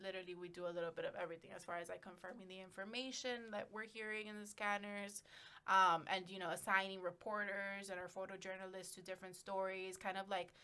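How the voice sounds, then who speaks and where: A woman's voice: mid-range voice, fairly even intonation, fast talker, sharp tone, clear, resonant tone. Chatty woman journalist guest. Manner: chatty, rambling, many fillers and laughs. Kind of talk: casual interview chat.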